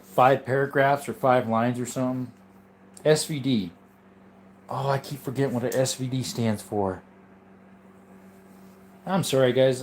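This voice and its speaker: A sleepy man hosts a relaxed livestream, chatting with viewers in a loose, rambling way full of ums and asides. His voice sits in an ordinary middle pitch, with a faint hum of room ambience behind him. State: sleepy, yawning. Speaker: livestream host reading viewer chat. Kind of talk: casual live chat.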